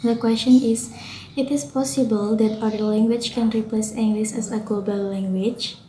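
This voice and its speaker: A young adult woman student with an Indonesian accent earnestly reads out a prepared class reflection, slipping occasionally and correcting herself. Her fairly high, dark-toned voice stays fairly even at a moderate pace, recorded in a roomy space with faint noise.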